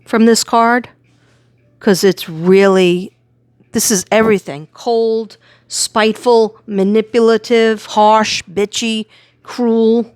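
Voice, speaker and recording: A woman doing a psychic tarot reading, reading out card words in lists and retelling messages with animated energy. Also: a little high, takes it slowly, clean tone, dry recording.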